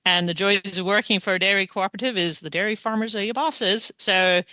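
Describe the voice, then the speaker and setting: A woman's voice: medium pitch, a little fast, pushed and bright, no echo. A woman in her forties with a South African accent, a veterinarian introducing herself on a panel in a chatty way, with many ums. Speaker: veterinarian, guest.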